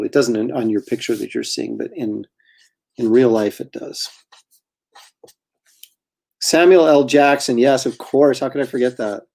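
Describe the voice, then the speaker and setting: A man's voice: medium pitch, vocal fry, darkish tone. A middle-aged man, a comic artist, chatting casually while drawing, rambling and self-deprecating with frequent chuckles.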